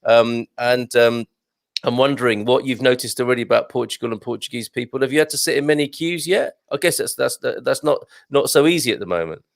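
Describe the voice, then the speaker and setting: A man's voice: mid-range voice, creaky, no echo. A man hosting a live show, chatting and reading out viewer comments with plenty of restarts. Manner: chatty, halting, with many restarts. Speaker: host.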